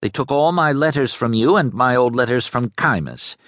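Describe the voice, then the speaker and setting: Man doing a young noblewoman, fierce, urgent, pleading, lively voice, audiobook. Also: mid-range voice, normal speed, no room sound, clean studio sound, voice pushed up, lightly acted. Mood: indignant. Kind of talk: audiobook character voice.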